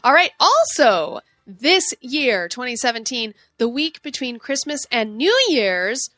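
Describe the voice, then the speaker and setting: A woman co-hosting a podcast in casual chat, bubbly and excitable as she reads out announcements. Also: fairly high pitch, unhurried, dry recording, studio quality. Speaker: podcast co-host.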